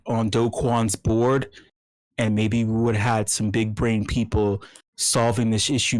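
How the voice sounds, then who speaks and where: A man hosting a meetup, ranting comically in a mock ASMR voice. He is profane, stammers and repeats himself, and swings from hushed talk to yelling. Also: mid-range voice, no room sound, poor audio. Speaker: meetup host.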